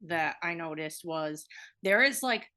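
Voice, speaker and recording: A woman's voice: deep voice, lively intonation, a little slow, bright, forceful tone. A young woman co-hosting a podcast, chatting casually and animatedly, swearing freely. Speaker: podcast co-host. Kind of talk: casual chat.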